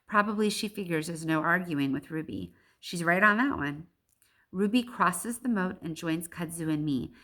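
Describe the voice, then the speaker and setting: A woman reading a children's novel aloud in a lively way, stopping now and then for chatty asides. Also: on the low side, normal speed. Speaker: audiobook reader.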